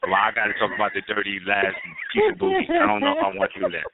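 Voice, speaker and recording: A man's voice: lowish voice, wildly swooping pitch, rapid-fire. Joking man on a noisy phone line. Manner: joking, emphatic, teasing. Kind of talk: casual chat on a call-in show.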